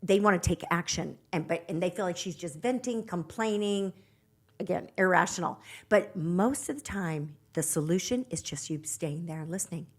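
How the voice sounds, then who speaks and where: A woman's voice: fairly low pitch, normal speed. A woman relationship coach giving earnest, emphatic advice in a podcast conversation, acting out quoted lines as she goes.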